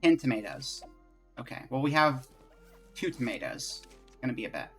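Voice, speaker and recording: A chatty man live-streaming a game, rambling loosely with lots of "like" and self-mocking asides. His voice is bright and clear, with faint game music underneath. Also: mid-range voice, very animated, normal speed, long pauses. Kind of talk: casual live-stream chat while playing.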